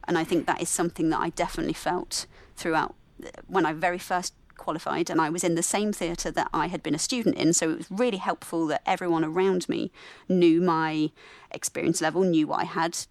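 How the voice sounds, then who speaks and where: A woman with a softened English Midlands accent talks as a podcast guest in a candid, reflective way, often stopping to correct herself. Her voice sits a little low for a woman. The sound is close and dry, with no room around it. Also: fairly even intonation, a little fast, no echo. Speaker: guest, theatre nurse. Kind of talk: relaxed podcast conversation.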